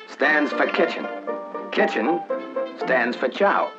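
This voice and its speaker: A man's voice: fairly high pitch, big pitch swings, moderate pace. A man narrating a 1940s wartime documentary as one of the flyers, in a wry, folksy, joking manner. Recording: dull 1940s film soundtrack with music.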